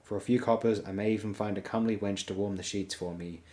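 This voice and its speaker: A man's voice: fairly low pitch, steady tone, quick pace, a little mellow, lightly acted. A man voicing a wry, sardonic dwarf lord in a dry, courtly manner.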